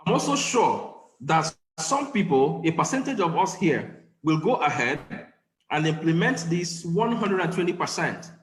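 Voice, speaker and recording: A man's voice: a little high, sing-song, a little slow. Man hosting an online meeting from an echoey room. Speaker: meeting host. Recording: echoey room with faint noise.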